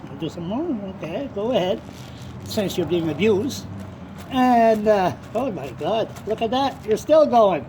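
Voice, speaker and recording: Here a man's high voice swings widely in pitch as he rambles on camera without a script. The blogger is blunt and swears readily, breaking off his story to talk to his dog, with a soft hum of vehicles going by.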